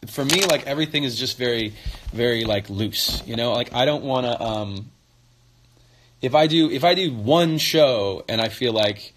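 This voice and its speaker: A man's voice: mid-range voice, animated, moderate pace, a bit bright. A man in his forties casually answering fan questions on a phone livestream, loose and chatty with many fillers and restarts.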